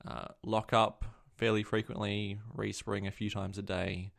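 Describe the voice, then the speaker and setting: A man's voice: fairly low pitch, little pitch movement, a little slow, creaky. A man co-hosting a casual tech podcast, telling stories in a rambling way and correcting himself as he goes. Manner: rambling, self-correcting storyteller. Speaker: podcast co-host.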